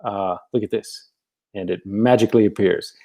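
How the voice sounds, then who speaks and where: A man's voice: lowish voice, moderate pace, warm tone. A man hosting a casual livestream, greeting viewers by name in a folksy way with many fillers. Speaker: gospel singer hosting a livestream.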